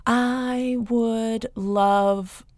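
A woman's voice: fairly high pitch, fairly even intonation, very slow, darkish tone, no echo, studio quality. A woman from Georgia with a Southern accent, a podcast guest who talks in a musing, self-deprecating way. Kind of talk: casual interview chat.

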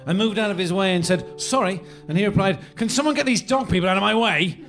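A man's voice: high-pitched, quick pace, fairly bright tone, soft background music. A man playing an eager, self-deprecating former film extra in a live comedy reading. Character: eager male bit-part film extra.

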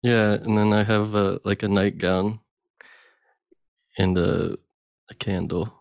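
A man co-hosting a comedy podcast in a deadpan way. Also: lowish voice, gravelly, no echo. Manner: deadpan, very slow. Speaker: game show co-host.

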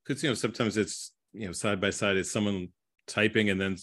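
A man hosting a podcast, soft-spoken and hesitant while he interviews, then reading the outro. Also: fairly low pitch, steady tone, brisk. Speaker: podcast host.

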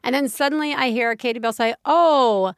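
A woman in her thirties co-hosts a podcast in a casual, chatty way. She tells stories with animation and acts out her own shrill yelling. Her voice sits fairly high and is recorded dry and close. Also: fairly even intonation, quick pace, no echo. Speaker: podcast co-host. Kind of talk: casual chat.

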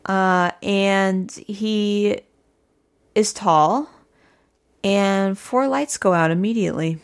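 A woman's voice: mid-range voice, extremely slow, clean tone. A woman co-hosting a comedy podcast, recapping a show in casual chat and laughing often. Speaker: podcast co-host.

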